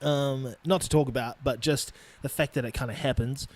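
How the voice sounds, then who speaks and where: A man's voice: mid-range voice, steady tone, normal speed. A young man from New Zealand with a New Zealand accent, hosting a podcast in a blunt, profane, casual rant. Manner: blunt and profane, laughing between points. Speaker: podcast host.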